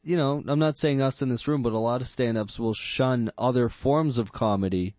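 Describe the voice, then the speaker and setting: A man co-hosting a casual comedy podcast, talking in an animated way and laughing often. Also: medium pitch, moderate pace, no echo.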